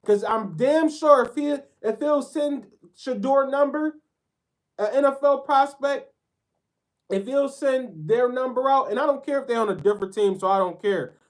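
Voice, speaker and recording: A man's voice: extremely high pitch, normal speed. A man giving a heated sports commentary rant, talking bluntly in profane slang.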